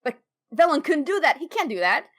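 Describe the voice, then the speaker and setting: A higher-pitched woman co-hosting a casual fan podcast. She talks in an animated, emphatic way and gets louder and brighter in tone when excited. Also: fairly quick. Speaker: podcast co-host. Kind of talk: casual fan lore discussion.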